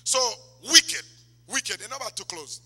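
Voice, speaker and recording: Impassioned preacher, high bright voice. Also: male voice, lively intonation, normal speed, husky. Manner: impassioned, swings from loud exhortation to low asides. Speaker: pastor. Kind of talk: sermon. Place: church sanctuary. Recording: long church hall reverb.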